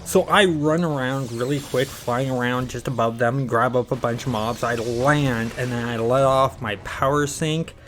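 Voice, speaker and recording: A man's voice: mid-range voice, fairly even intonation, moderate pace, few pauses, a bit bright, slight background noise, rough recording. A man hosting a gaming channel, casually telling a story in a rambling way, acting out the quotes.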